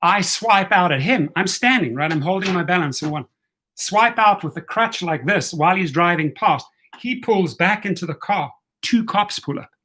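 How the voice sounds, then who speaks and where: A man's voice: high-pitched, moderate pace. Blunt, profane man in his fifties. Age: 50s. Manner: animated, profane, blunt retelling of a confrontation. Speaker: rideshare channel host. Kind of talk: casual story-telling vlog.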